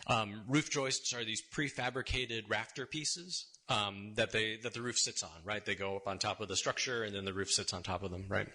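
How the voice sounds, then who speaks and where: A man's voice: on the low side, normal speed, hardly any pauses, sharp tone. A man giving a conversational, storytelling sermon in a church, casual and wry, often checking in with his listeners. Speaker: sermon speaker. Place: church sanctuary.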